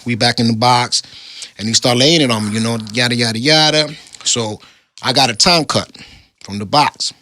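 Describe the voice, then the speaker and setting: A man's voice: mid-range voice, bright, forceful tone, a little hiss or hum. A middle-aged man, telling the story of his time in prison in casual street slang. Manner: street slang, laid-back storytelling, rapid.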